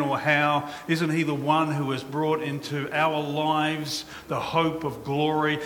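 A man's voice: on the high side, fairly bright tone, in a large hall, slight background noise. A man pastor preaching and praying with a fervent, repetitive cadence. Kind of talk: sermon and prayer.

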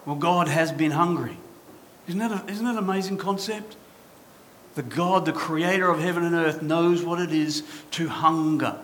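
A man's voice: high voice, fairly bright tone, a little hiss or hum. A man preaching a sermon as pastor, passionate and full of rhetorical questions to his congregation.

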